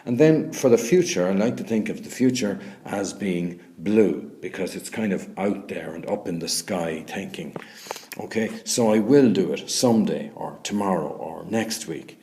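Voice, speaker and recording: A man with an Irish accent teaches a grammar lesson as voice-over on a screen recording, patiently spelling words out letter by letter and often checking in with "okay?". His voice is low and mellow, with lively intonation and a moderate pace.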